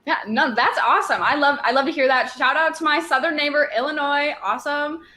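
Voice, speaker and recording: A young woman from Wisconsin, a student co-hosting an awards ceremony over a video call, chatty and excited. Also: high voice, a little fast, slight background noise. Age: young adult. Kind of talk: casual hosting chat.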